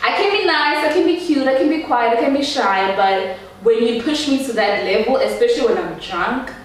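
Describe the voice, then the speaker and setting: A woman's voice: on the high side, expressive, a little fast. A young South African woman telling a storytime vlog, chatty and laughing as she talks straight to her viewers. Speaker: YouTuber. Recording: echoey room, voice from a distance.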